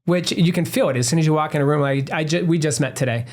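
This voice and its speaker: A man's voice: fairly high pitch, fast. A man co-hosting a podcast as a doctor, talking earnestly in a casual interview and explaining through analogies. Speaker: podcast co-host, functional medicine doctor.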